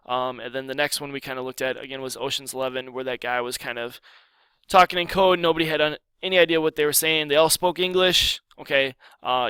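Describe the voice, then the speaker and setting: A man's voice: mid-range voice, sharp tone, smooth, no room sound. A man teaching a recorded class lecture over slides. He talks in a loose, conversational way, with a lot of "kinda" and "if you will".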